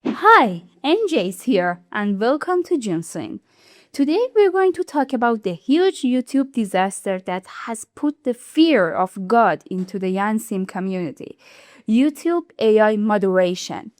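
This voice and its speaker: Non-native english lady doing a youtube commentary, worked up and animated, dry close sound. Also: a little high, a little slow, no room sound. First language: not English. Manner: animated, indignant explaining with laughs. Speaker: YouTube channel host. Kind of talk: video commentary.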